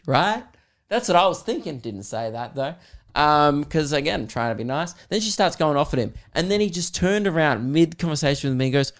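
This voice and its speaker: A man's voice: fairly high pitch, a little fast. An Australian man hosting a podcast, telling a story casually with lots of swearing and laughter. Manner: animated, swearing, joking. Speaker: podcast host and comedian.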